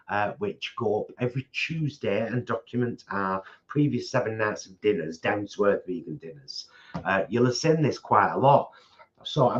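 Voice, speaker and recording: A man's voice: mid-range voice, lo-fi sound. A man co-hosting a casual live food chat from his home kitchen, rambling and restarting his sentences. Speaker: co-host of a vegan food channel.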